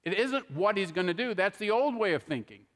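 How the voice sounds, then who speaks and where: Preacher, middle-aged man, high tenor voice, chatty sermon style, handheld mic, long church reverb. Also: expressive, fairly quick, fairly bright tone. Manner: conversational preaching with frequent "okay?" asides. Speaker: pastor. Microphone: handheld microphone.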